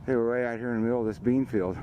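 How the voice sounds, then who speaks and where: A man's voice: mid-range voice, fairly even intonation, racing, muffled recording, a little hiss or hum. Older man, hunting show host, folksy and rambling, outdoors by a field. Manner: folksy, rambling, plugs sponsors. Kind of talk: casual outdoor commentary.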